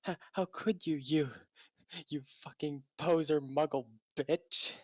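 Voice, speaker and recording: A man doing a shrill, hysterical schoolboy wizard. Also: steady tone, takes it slowly, no room sound, studio quality. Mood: accusing. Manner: shrill accusing outburst. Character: hysterical, heartbroken teenage boy wizard.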